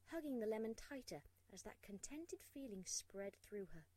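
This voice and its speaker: A woman narrating a storybook aloud, expressive and hushed in tense moments. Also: a little high, moderate pace, no room sound, poor audio.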